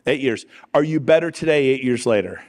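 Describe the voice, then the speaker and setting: A middle-aged man giving an energetic motivational talk on stage, quizzing and teasing his audience. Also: mid-range voice, fairly quick. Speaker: real estate coach on stage.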